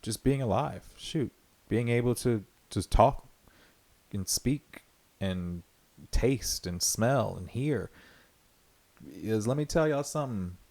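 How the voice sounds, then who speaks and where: A man with a medium-pitched, slightly mellow voice hosts his own podcast, speaking slowly and with animation and leaving long pauses. His solo monologue is earnest, reflective and rambling, packed with fillers and restarts.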